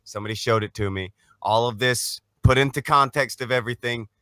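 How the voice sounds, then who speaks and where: A man's voice: medium pitch, brisk, bright, forceful tone, no echo. A man co-hosting a livestream talk show, ranting and swearing as he scolds the audience. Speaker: co-host.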